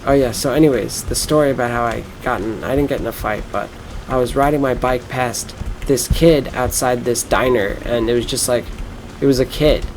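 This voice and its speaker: A man's voice: medium pitch, normal speed, slight background noise, rough recording. A young man from Florida talking casually over a game, rambling and cursing as he tells a boastful story. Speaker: gameplay streamer. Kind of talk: casual rambling gameplay commentary.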